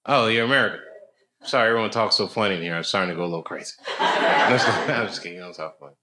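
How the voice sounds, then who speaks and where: A man's voice: low voice, quick pace, heavy background noise. A male comedian bantering casually with fans after a show, joking and laughing often. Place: crowded room after a show.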